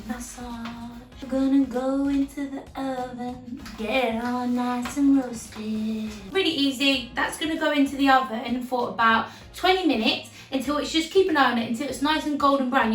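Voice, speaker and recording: Chatty high-voiced English woman cooking. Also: fairly bright tone, echoey room, distant mic. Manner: chatty, jokey, breaks into silly singing. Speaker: home cooking video host. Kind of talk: casual cooking vlog. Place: home kitchen.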